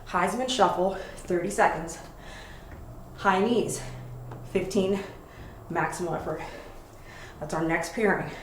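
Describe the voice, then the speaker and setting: Female fitness instructor, slow and winded cues mid-workout, roomy sound from across the room, noisy. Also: fairly low pitch, recorded from a distance. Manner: energetic, out of breath while exercising. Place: home workout space.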